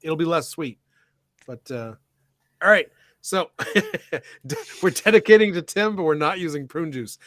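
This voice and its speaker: A man's voice: on the high side, animated, unhurried, pauses often, fairly bright tone, no room sound. Bartender man, dry close sound. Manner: playful, fussy about pronunciation. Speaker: bartender host. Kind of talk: casual livestream chat while mixing drinks.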